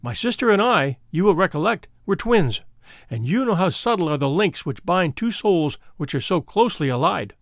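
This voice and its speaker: A man's voice: high-pitched, big pitch swings, no echo, clean studio sound. Helen Stoner, a shaken young woman, as a man reads her. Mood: fearful. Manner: earnest, measured storytelling. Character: frightened young woman recounting her twin's death. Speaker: audiobook reader. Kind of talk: storybook reading.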